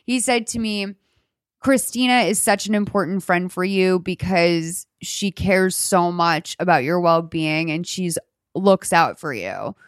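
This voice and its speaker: A woman's voice: lowish voice, unhurried, no room sound. A woman hosting a podcast in casual chat, gushing and swearing freely, close to tears. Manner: gushing, profane, affectionate. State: tearful. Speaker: podcast host.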